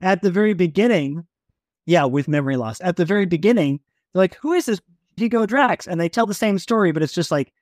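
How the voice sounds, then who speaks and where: Man, higher voice, rambling casual book chat, dry close sound. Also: animated, quick pace, darkish tone, no echo. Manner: rambling, restarts often, laughs easily. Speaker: podcast co-host.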